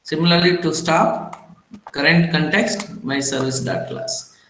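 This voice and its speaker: A man from India giving a recorded revision lecture, talking haltingly with many fillers and restarts. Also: on the high side, a bit bright, roomy sound, slight background noise, low-quality recording.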